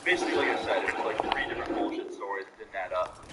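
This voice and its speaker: Fast-talking young man telling a story. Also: lowish voice. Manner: animated, profane, mocking. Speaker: vlogger. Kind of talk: storytime vlog. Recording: loud hissy home recording.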